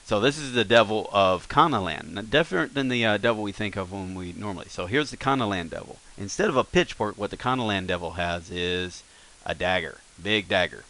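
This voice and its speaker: A man teaching a language lesson over a screen recording, relaxed and thinking aloud with fillers and self-corrections. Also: on the low side, a little fast.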